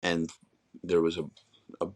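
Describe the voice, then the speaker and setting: A man's voice: sits low, completely flat delivery, measured pace, darkish tone. A middle-aged man, a podcast guest, candidly telling his life story in a raw, rambling way with many restarts.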